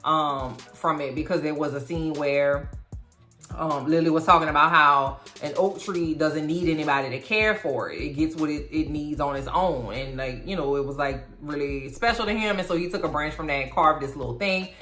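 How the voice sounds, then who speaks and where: A woman delivers a casual film recap full of slang and sass, telling the story in an animated way. Her voice is low-pitched yet bright and forward. She is recorded in an echoey room with faint music behind her. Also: normal speed. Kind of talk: casual movie recap commentary.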